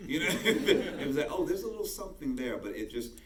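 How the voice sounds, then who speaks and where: A man from the United States, an actor on a festival panel, chatting in a relaxed way and laughing easily. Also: a little high, brisk. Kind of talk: panel conversation. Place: large festival hall with audience. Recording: echoey hall, distant mic, background noise.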